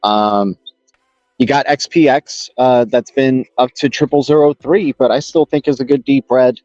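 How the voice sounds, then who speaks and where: Streaming about crypto from a home setup in Los Angeles, this upbeat man chats loosely and calls out viewers by name. He speaks at a normal pace in a steady, medium-pitched, slightly mellow voice through an external mic on his phone. The audio is dull, lo-fi and echo-free, with music playing.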